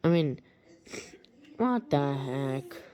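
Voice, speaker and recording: Woman storyteller, slow and halting, stumbles through a retold creepy tale. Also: rumbling low, animated, warm tone. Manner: hesitant, halting, many restarts. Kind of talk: rambling horror story retelling.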